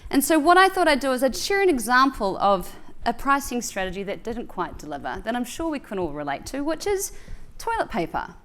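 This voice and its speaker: A woman's voice: on the high side, very animated, a little fast, a bit bright. A woman from New Zealand with a Kiwi accent, giving a playful conference keynote full of puns. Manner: punning, playful stage delivery. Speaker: keynote speaker. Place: large conference hall.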